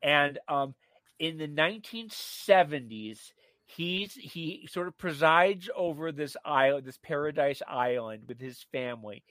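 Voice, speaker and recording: A man co-hosting a radio show, telling a story in a gossipy, animated way with many fillers and restarts. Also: fairly high pitch, measured pace, no room sound. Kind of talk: casual radio chat. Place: radio studio.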